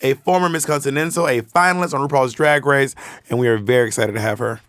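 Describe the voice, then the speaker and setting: A man co-hosting a podcast, telling stories and joking in a camp, fast-talking way. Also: mid-range voice, fairly even intonation, fairly bright tone, a little hiss or hum. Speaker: podcast co-host. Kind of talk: casual chat.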